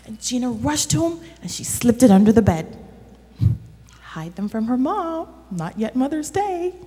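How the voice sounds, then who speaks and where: A woman leading a children's corner in church, telling a story in an animated way that speaks directly to the children. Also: a little high, slightly rough. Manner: slow and animated, addressing children. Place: church sanctuary. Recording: reverberant church hall.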